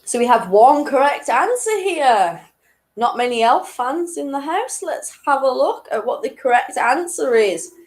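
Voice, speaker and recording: Female quiz host, fairly high voice, unhurried delivery, chatty and self-mocking. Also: noisy background. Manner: reads each question twice, slowly and clearly; chatty, laughs at her own jokes. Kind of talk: hosting an online weekly quiz.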